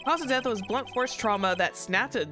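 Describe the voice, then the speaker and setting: A woman's voice: fairly high pitch, normal speed, over music, voice pushed up, natural voice. Woman reading as an eager, bumbling detective. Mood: earnest.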